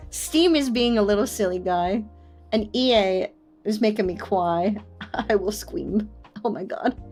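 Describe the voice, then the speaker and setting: A young woman streaming casually, playful and excitable, squealing in mock outrage and laughing often. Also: mid-range voice. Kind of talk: casual live-stream chat.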